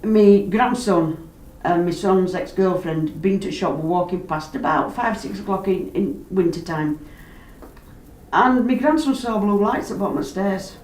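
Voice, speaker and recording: Woman, chatty storyteller, mid pitch, roomy distant recording. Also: unhurried. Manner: animated, acts out quoted voices, dialect grammar. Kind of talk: casual storytelling. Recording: roomy, distant mic, background noise.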